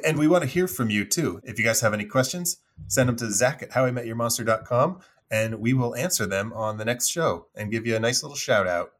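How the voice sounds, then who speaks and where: A man's voice: mid-range voice, a little fast. A man hosting a podcast, reading announcements in an easygoing way with frequent fillers. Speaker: podcast host. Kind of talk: casual chat, reading announcements.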